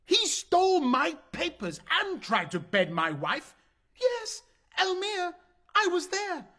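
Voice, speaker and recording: A man's voice: very high-pitched, huge pitch swings, slow, sharp tone, exaggerated voice. An actor playing an indignant wealthy father who was deceived by his guest, blustering in rhymed stage verse. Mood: aggrieved. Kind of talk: stage play in rhyming verse.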